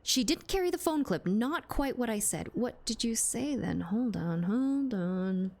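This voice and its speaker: A woman's voice: fairly high pitch, sing-song, moderate pace, creaky. A woman livestreaming a game from a room at home, chatting playfully and answering her chat as she plays. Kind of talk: casual live-stream chat while gaming. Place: home room with door closed. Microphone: streaming mic with compressor.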